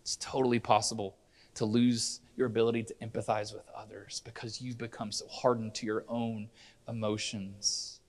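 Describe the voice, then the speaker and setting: A man's voice: on the low side, little pitch movement, normal speed. Earnest man preaching a sermon. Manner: earnest, conversational preaching with many restarts. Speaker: pastor. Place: church.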